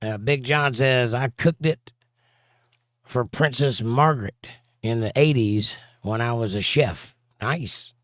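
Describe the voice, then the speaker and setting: A Southern-accented man hosts a relaxed live chat stream, reading comments aloud and answering them with dry, sardonic wit. His voice sits at a middle pitch and sounds close and dry, with little room echo. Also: slow. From southern United States. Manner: dry, sarcastic, drawling asides. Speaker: livestream host reading chat. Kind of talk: casual chat.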